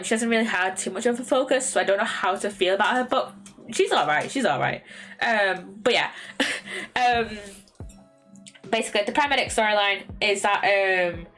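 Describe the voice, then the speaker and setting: Young English woman streamer, casual, rambling with many fillers, soft music underneath. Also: medium pitch. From England. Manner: rambling, many ums and restarts. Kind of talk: casual chat.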